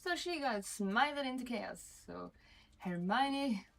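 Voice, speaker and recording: A woman's voice: on the high side, lively intonation, slow pace, vocal fry. A young woman streaming and chatting casually with her viewers, rambling and self-deprecating, full of "like" and casual swearing. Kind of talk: casual chat to a live stream chat.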